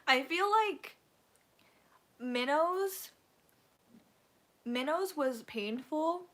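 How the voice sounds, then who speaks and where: A woman's voice: sits high, expressive, drawn-out words, a bit bright. A woman hosting a casual livestream, chatting to her viewers in a rambling, gushing way full of fillers. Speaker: livestream host.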